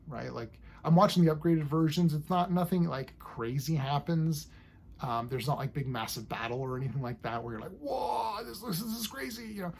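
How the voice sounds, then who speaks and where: A man's voice: mid-range voice, darkish tone, slightly rough. A man casually reviewing a TV episode, rambling enthusiastically and acting out scenes as he goes.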